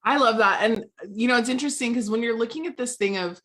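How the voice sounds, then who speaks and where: Agreeing woman in casual chat. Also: a little high. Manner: warmly agreeing, quick laughs. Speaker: co-host.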